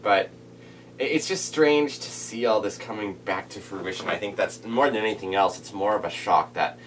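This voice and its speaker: Guy with a lowish voice rambling on in a vlog, sits back from the mic, faint hum behind. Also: normal speed, fairly bright tone, recorded from a distance. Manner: rambling, many restarts and fillers. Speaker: vlogger reviewing anime dub voices. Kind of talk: casual reaction video monologue.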